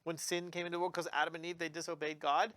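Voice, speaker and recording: A man telling a Bible story to children in a playful, animated way, sometimes stumbling over his words. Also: fairly high pitch, rapid-fire, clean tone, no room sound, clean studio sound. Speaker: uncle storyteller for kids.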